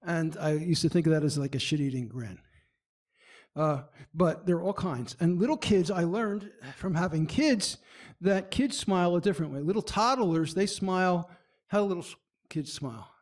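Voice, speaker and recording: A fairly high-voiced man giving a presentation to a small business audience. His delivery is animated: he acts out the expressions he describes and trips over his words, backing up to restart. The overall feel is loose and unscripted. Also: moderate pace. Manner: animated, demonstrates expressions as he speaks; frequent restarts and stumbles. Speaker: presenter at a marketing meetup. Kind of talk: presentation talk.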